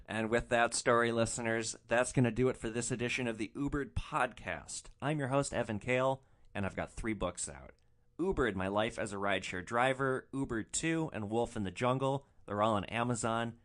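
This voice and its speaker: A man hosting a podcast, telling a first-person story in a wry, deadpan, dryly sarcastic way. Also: mid-range voice, moderate pace.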